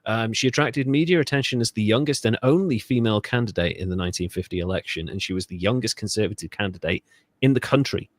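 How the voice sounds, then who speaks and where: A man's voice: on the low side, fast talker, no echo. A man from Britain co-hosting a history podcast, telling the story in a sardonic, profane, rambling way. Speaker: podcast co-host. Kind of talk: casual podcast chat.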